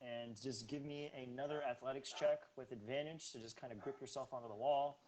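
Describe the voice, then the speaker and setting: A man's voice: medium pitch, steady tone, a little fast, background noise. A man narrating a tabletop game as game master, casual and laid-back.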